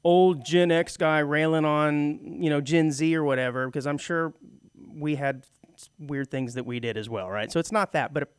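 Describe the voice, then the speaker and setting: A man's voice: fairly high pitch, fairly even intonation, normal speed, clear, resonant tone, no room sound. A middle-aged man co-hosting a radio show, chatting casually and laughing often. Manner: chatty, laughs often, slips into mock British voices. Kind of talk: casual talk radio banter. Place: radio studio.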